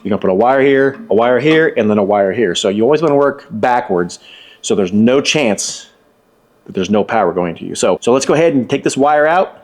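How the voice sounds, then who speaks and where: A man's voice: mid-range voice, animated, brisk, darkish tone. A man explaining electrical wiring step by step in a casual hands-on tutorial, folksy and repeating himself for emphasis.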